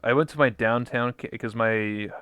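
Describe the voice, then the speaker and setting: A man's voice: medium pitch, normal speed, a bit bright, smooth, dry recording. A man in his twenties from Canada, chatting casually as host, rambling and swearing. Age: 20s. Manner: rambling, swearing, mimics voices. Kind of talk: casual chat.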